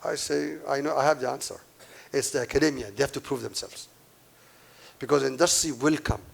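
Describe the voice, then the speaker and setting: A man's voice: mid-range voice, brisk, gravelly, slightly rough. A man giving a conference keynote to a live audience, emphatic and repeating his key points, with asides to the crowd. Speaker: keynote speaker.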